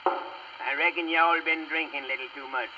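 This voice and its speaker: A man's voice: a little high, fairly even intonation, normal speed, bright, forceful tone, a little hiss or hum. A man playing an impatient small-town judge with brusque, dry wisecracks, on a muffled old record.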